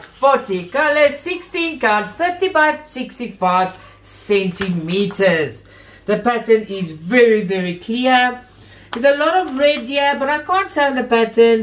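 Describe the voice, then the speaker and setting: A woman host chatting to viewers in an unboxing video, gushing with praise, still recovering from an illness with coughs and throat-clearing. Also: on the high side, expressive, a little slow, fairly bright tone, slight background noise. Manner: gushing, effusive about everything. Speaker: craft channel host. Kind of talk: casual unboxing chat to viewers.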